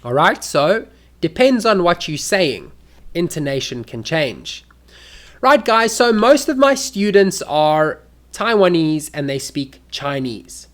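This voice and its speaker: An English teacher giving a lesson to learners in a clear, deliberate way and acting out spoken examples. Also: medium pitch, sing-song, fairly bright tone.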